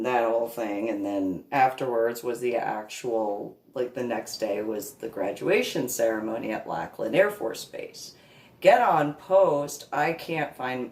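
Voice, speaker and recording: A woman telling a rambling personal anecdote, laughing often and slipping into a high, babyish voice when she quotes. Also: darkish tone. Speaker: storyteller. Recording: echoey room, far from the mic.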